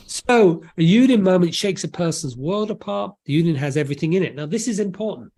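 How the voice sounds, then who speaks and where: Animated, joking man. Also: high voice, fairly quick. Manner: animated, jokey, restarts and asides. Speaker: author and guest. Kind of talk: casual interview explanation.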